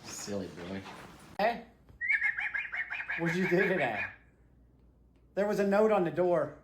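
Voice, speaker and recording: A man's voice: sits high, big pitch swings, takes it slowly. A man at home talking to his pet parrot in a playful, mock-scolding way, as in a casual pet video. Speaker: parrot owner. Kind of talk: casual chat to a pet bird. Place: home, indoors. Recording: echoey room with loud background noise.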